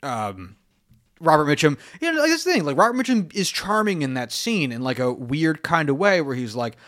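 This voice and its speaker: Man, podcast co-host, casual film chat, animated, swears a lot. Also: on the high side, a little fast. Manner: animated, swears freely, acts out film lines.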